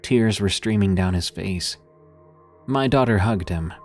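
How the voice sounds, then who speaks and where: Male horror-story narrator, very low voice, scripted and steady. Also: measured pace, faint music behind.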